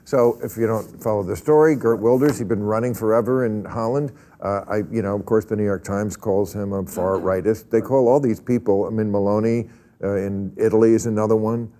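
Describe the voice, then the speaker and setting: A man's voice: fairly low pitch, steady tone, brisk, warm tone, a little hiss or hum. A man hosting a studio panel discussion, dry and wry, often laughing through his own remarks. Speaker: talk show host.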